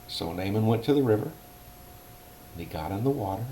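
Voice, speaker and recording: A man teaching a children's Bible lesson, telling the story slowly and emphatically and explaining words simply. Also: sits low, creaky, a little mellow.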